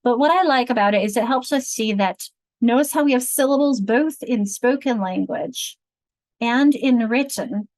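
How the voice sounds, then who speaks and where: A woman leading an online teacher training on reading instruction from home, explaining patiently and slowly sounding out example words. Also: a little high, darkish tone, dry recording, rough recording. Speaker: literacy instructor.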